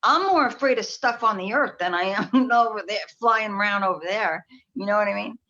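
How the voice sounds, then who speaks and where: A woman's voice: medium pitch, moderate pace, sharp tone. Woman, from New York, clairvoyant guest, rambling, restarts often, muffled lo-fi call audio. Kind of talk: casual interview chat.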